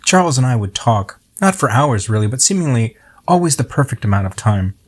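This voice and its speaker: A man's voice: mid-range voice, sing-song. Reflective middle-aged man reading his poem. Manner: reflective, unhurried storytelling. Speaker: poet.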